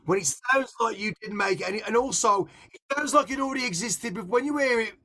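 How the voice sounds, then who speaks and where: A man's voice: sits high, fast, pushed and bright. A middle-aged man from England being interviewed, talking in a reflective, rambling way with many restarts and repeated words. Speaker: interviewed artist. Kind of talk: reflective casual conversation.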